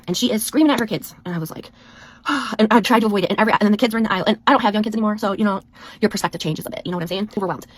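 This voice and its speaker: A middle-aged woman rattling off a rambling, exasperated story at breakneck speed. Her voice sits at a medium pitch for a woman, and a faint hum of background noise sits under it. She talks casually, as if to a friend. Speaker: vlogger.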